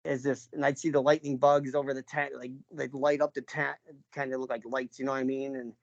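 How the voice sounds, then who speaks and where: A man's voice: medium pitch, flat delivery, a little fast, dry recording. Rambling man from New York, lo-fi. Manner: rambling, many fillers and restarts, frequent throat clearing. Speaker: interviewee, father recounting an encounter. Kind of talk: casual spoken storytelling. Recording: dull lo-fi recording.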